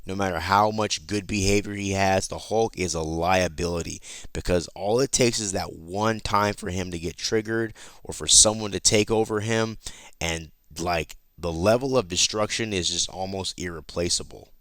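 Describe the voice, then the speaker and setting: A man's voice: sits low, normal speed, fairly bright tone, dry recording. A man giving a loose, chatty recap of a comic issue, swearing freely and often restarting his sentences. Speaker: comic book YouTuber.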